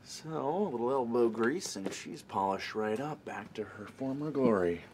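Guy doing a punchy mock-stern polite husband in a skit, lively pitch, faint room noise. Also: normal speed, lightly acted. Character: overly polite competitive husband. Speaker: actor in a comedy sketch.

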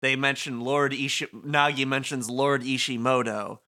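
A man's voice: mid-range voice, fairly even intonation, normal speed, bright, forceful tone. A man co-hosting a casual chat, talking loosely and laughing often as he reads lines aloud. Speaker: podcast co-host. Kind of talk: casual chat, reading game dialogue aloud.

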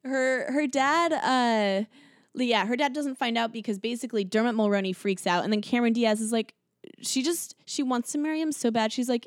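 A woman's voice: on the high side, normal speed, no room sound, clean studio sound. A young woman co-hosting a podcast, casually recapping a film with lots of fillers and acted-out quotes. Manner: chatty, lots of likes and ums, acts out quotes. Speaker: podcast co-host.

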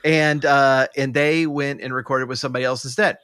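A medium-pitched man, a little fast, steady and fairly bright, has a clear, resonant studio-quality sound with no room tone, though on a remote call mic. As a podcast co-host in casual chat, he restarts often, uses many fillers and laughs a lot.

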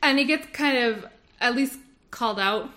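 Bright-voiced woman from North Carolina. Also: a little high, moderate pace. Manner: chatty, self-correcting, laughs easily. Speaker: podcast co-host. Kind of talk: casual chat.

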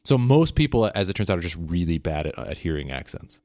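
A man's voice: low voice, sing-song, a little fast, a little mellow, no echo. A man with a Canadian accent, co-hosting a podcast, explaining things eagerly in a casual chat with many restarts. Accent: Canadian English. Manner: explanatory, enthusiastic, frequent restarts. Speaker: podcast co-host.

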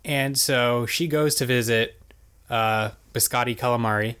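A man's voice: medium pitch, a little slow, fairly bright tone, smooth. Guy rambling thru a cartoon recap on a podcast, lots of likes and basicallys, mid voice. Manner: rambling, filler-heavy storytelling. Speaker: podcast co-host. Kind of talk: casual show recap chat.

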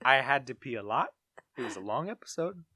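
A man's voice: mid-range voice, very animated, a little fast, sharp tone, husky, no room sound, studio quality. A man co-hosting a podcast, chatting in a jokey, theatrical, rambling way. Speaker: podcast co-host. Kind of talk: casual comedic chat.

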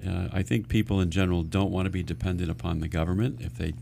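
A man with a low, gravelly voice hosts a radio talk show as a financial advisor. He explains things earnestly, restarting his sentences often as he goes. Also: steady tone, fast, mellow, slight background noise.

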